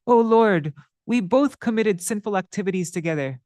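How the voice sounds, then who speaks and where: A man's voice: high-pitched, animated, moderate pace, darkish tone, no room sound, studio quality, voice pushed up. A man voicing a repentant ruffian who earnestly begs for mercy, his voice raised and imploring. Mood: pleading.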